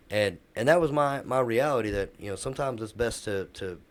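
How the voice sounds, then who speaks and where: A man's voice: medium pitch, a little fast, few pauses. A middle-aged man, a podcast co-host, telling a workplace story in casual chat and acting out the quoted dialogue.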